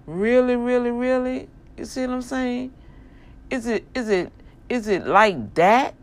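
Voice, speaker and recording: A woman's voice: a little high, animated, measured pace. A woman with a New Orleans accent talking to her viewers in a casual, preachy monologue, full of emphatic rhetorical questions. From New Orleans, US South. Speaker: vlogger addressing her online family.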